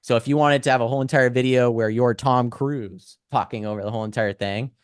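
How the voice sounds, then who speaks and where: A man's voice: mid-range voice, fairly even intonation, quick pace, smooth, no echo, clean studio sound. A young man casually talking through an AI audio tool in a screen-share lesson, chatty and full of "right?" asides. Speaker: instructor demonstrating AI tools.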